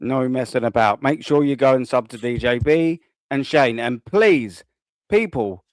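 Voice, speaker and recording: A man hosting a casual live fan panel, talking in animated, emphatic rants. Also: medium pitch, measured pace, dry recording, studio quality. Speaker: host of fan show.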